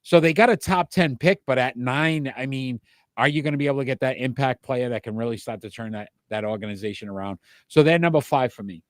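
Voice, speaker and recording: A man's voice: medium pitch, a little fast, no room sound, clean studio sound. A man with a Rhode Island accent co-hosting a sports talk show, giving opinionated rankings and often restarting with repeated words.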